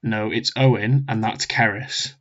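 A man's voice: lowish voice, steady tone, unhurried, fairly bright tone. A man co-hosting a podcast over a call, bantering with sarcastic teasing. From Wales. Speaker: podcast co-host. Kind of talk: casual chat. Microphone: remote call mic. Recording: dull lo-fi call audio.

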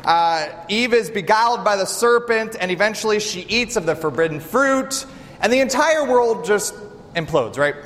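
A man preaching a sermon, animated and direct, often asking the congregation rhetorical questions. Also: high-pitched, moderate pace. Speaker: pastor. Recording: reverberant hall with faint ambience.

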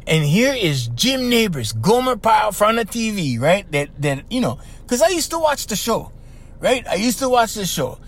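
An older man with a Hawaiian accent, hosting a podcast and telling a story in a slangy, animated way with lots of repeats. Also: sits high, moderate pace. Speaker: podcast host. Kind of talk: casual storytelling.

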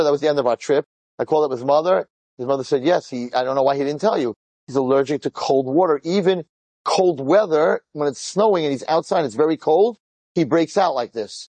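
A middle-aged man, a rabbi and teacher, telling an inspirational story to an audience and acting out the dialogue with lively bursts. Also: on the high side, no room sound. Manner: animated, acts out the dialogue in quick bursts.

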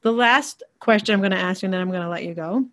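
A woman's voice: medium pitch, fast talker. A woman hosting an interview, chatty and effusive, often restarting her sentences. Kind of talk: conversational interview.

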